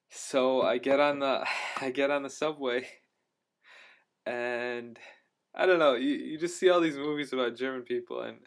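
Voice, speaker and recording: A young man talking casually in a travel vlog, rambling and hesitant with many fillers and restarts. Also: medium pitch. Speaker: travel vlogger.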